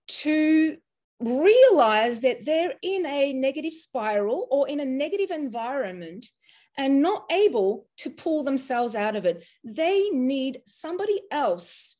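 During an interview, the sixty-something Australian mental health first aid teacher haltingly relates a personal story, earnest and moved. Her voice sits high with a darkish tone.

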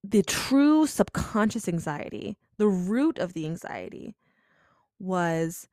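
A woman's voice: lowish voice, sing-song, slow pace, mellow, no room sound, studio quality. A young woman hosting a podcast, telling a personal story in a chatty, confessional way, full of "like" and "you know.". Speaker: podcast host.

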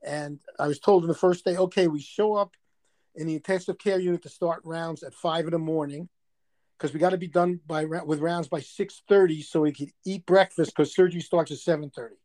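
A man's voice: a little high, steady tone, a little fast, a little mellow. A man in his sixties from Brooklyn with a New York accent, a surgeon guest telling stories in a casual interview. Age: 60s.

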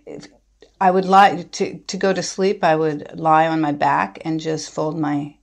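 A middle-aged woman speaking thoughtfully as an interview guest, halting and restarting as she reflects. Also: deep voice, little pitch movement, creaky.

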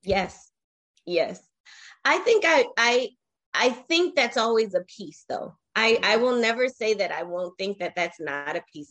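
A woman in her forties telling her personal story as an interview guest, reflective and emotional, pausing often with fillers. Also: lowish voice, a bit bright. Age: 40s.

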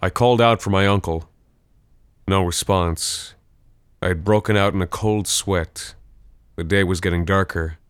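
A man narrating a first-person horror story in a measured, tense way. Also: low-pitched, clean tone, no room sound.

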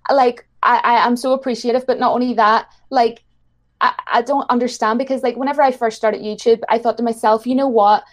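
A woman with an Irish accent, a YouTuber guest chatting casually and warmly, often laughing. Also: fairly high pitch, fairly even intonation, brisk. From Ireland. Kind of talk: casual chat.

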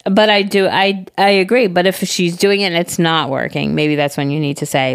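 A woman's voice: fairly low pitch, fairly even intonation, normal speed, hardly any pauses, clean tone, dry recording, clean studio sound. A young woman with a Long Island accent, co-hosting an advice podcast and reading listener letters in easygoing chat. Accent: Long Island New York. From Long Island, USA. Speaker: podcast co-host.

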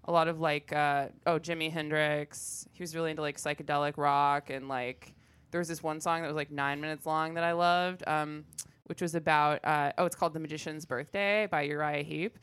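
A woman's voice: low-pitched, steady tone, moderate pace, fairly bright tone, clear, resonant tone. A young adult woman and musician, guest on a casual podcast, telling stories in a chatty way with lots of fillers.

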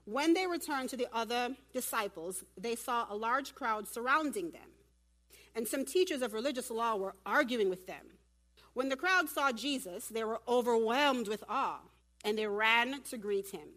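A woman preaching at a church women's event, animated and humorous, talking directly to her audience. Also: a little high, normal speed. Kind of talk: sermon.

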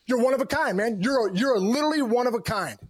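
A middle-aged man, a former ballplayer, telling lively stories as a podcast guest, calling people bro. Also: very high-pitched, fast. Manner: energetic, storytelling with acted asides, calls people bro. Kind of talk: casual interview.

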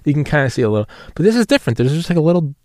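A man's voice: a little high, big pitch swings, very fast, darkish tone, no room sound, studio quality. A man in his thirties hosting a solo podcast, rambling and profane and mocking himself as he talks. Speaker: podcast host.

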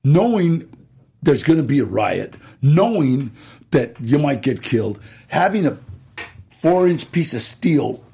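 A middle-aged man, an actor being interviewed, telling stories in a gravelly, husky voice, acting out quotes and laughing as he goes. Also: fairly high pitch, a little hiss or hum. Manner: animated storyteller, acts out quotes and laughs. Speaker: actor guest. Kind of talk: storytelling interview.

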